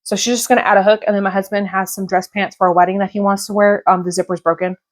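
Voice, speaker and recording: A woman's voice: medium pitch, flat delivery, fast talker. A woman in her thirties chatting casually in a reading vlog, gushing and rambling about books and her day. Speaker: book vlogger.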